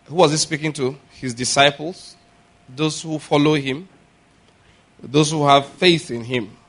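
With a slightly high voice and a steady, unhurried tone, a male pastor preaches. He puts questions to his listeners, has them say phrases back to him, and climbs to loud, insistent preaching.

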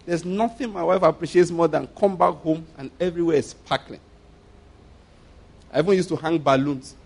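A middle-aged male pastor preaching a sermon in an emphatic, animated way, often repeating his phrases. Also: on the high side, normal speed, vocal fry.

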